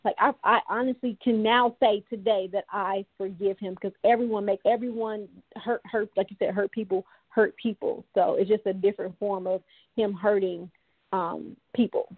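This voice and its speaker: A woman author, a guest on a radio interview, speaking haltingly with many fillers and restarts. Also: mid-range voice, fairly even intonation, husky, no room sound. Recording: tinny phone line.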